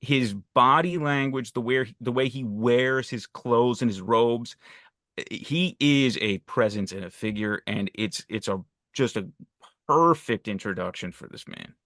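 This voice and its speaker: A man's voice: mid-range voice, measured pace, a bit bright, dry recording, studio quality. A man talking about a film on a podcast, enthusiastic, restarting his sentences and speeding up in bursts. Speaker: podcast co-host. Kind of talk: casual film discussion.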